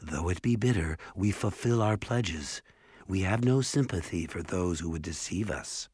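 A man voicing a cold, proud female elf in a storybook reading, speaking in a measured, formal way. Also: sits low, expressive, a little mellow, husky, no room sound, studio quality. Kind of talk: audiobook character voice.

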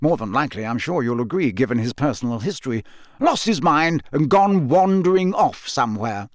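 A man's voice: medium pitch, animated, brisk, dry recording, studio quality, close to an everyday voice. A man reading aloud, voicing an impatient, blustering middle-aged male minister in a storybook.

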